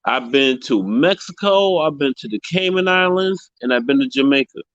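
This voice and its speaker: A man in casual chat, halting, repeating words as he searches for them. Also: medium pitch, expressive, fairly bright tone, no echo, lo-fi sound. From United States.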